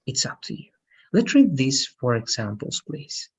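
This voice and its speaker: A man's voice: mid-range voice, sing-song, measured pace, creaky, slightly rough. A man teaching an English grammar lesson online, checking in with "right?" after almost every sentence.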